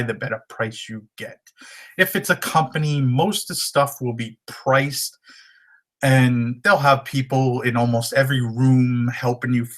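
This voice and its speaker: Rambling man with a slightly hoarse voice. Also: mid-range voice, a bit bright. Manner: loose and rambling, many fillers. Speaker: reseller giving tips. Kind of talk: casual how-to talk.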